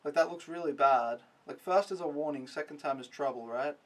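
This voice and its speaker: A man's voice: a little high, brisk, fairly bright tone, far from the mic. A young man vlogging a casual, rambling recap, mocking himself and swearing freely.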